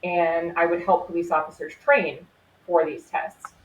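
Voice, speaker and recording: A woman in her forties with a lowish voice recounts her career with earnest conviction and easy laughs. Her voice carries a roomy echo. Faint ambience hums behind her. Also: flat delivery, a little slow, lo-fi sound, slight background noise. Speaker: guest, former crime scene investigator. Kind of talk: conversational storytelling interview.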